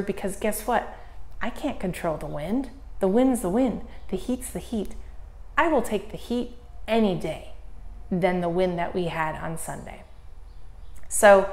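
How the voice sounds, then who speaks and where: A woman's voice: medium pitch, roomy sound. A woman in her forties, a triathlon coach, giving a casual race report in a blunt, candid way, swearing freely and acting out her own inner dialogue. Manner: lively retelling with self-quoted inner dialogue.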